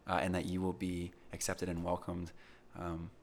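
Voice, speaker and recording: A man's voice: deep voice, completely flat delivery, moderate pace, slight background noise. A young man talking earnestly and reflectively in a casual podcast conversation, with plenty of fillers. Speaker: podcast guest.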